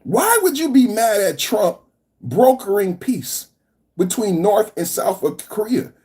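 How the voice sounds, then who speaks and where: A woman in her fifties hosting a reaction podcast, ranting fiercely with profanity and repeated phrases. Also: measured pace. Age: 50s. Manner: fiery, profane, repeats phrases, lively pitch. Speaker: podcast host.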